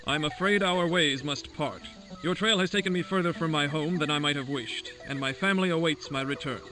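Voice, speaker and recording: A grave traveler, voiced by a man, speaking formally and solemnly. His voice is slightly raised and sits back from the mic, with clear music behind it. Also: fairly high pitch, a little fast, natural voice. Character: grave male traveler taking his leave. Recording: distant game audio over music.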